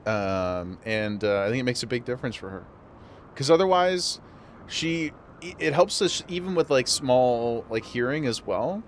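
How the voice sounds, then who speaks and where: Aussie guy streaming, chatty, laughs a lot, mid pitch voice, bit of background noise. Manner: chatty, laughs often, reads game text aloud. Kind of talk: casual live-stream chat while gaming.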